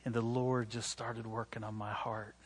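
A male pastor preaching with a slightly husky voice. He tells a story against himself with lively, animated delivery and acts out quotes, then moves into an earnest invitation to prayer. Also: lowish voice, normal speed. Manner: animated, self-deprecating storytelling with acted-out quotes. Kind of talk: sermon.

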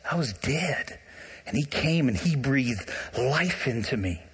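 A man preaching a sermon, animated and talking straight to his congregation. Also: mid-range voice, slow pace, breathy edge. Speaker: pastor. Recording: long hall reverb.

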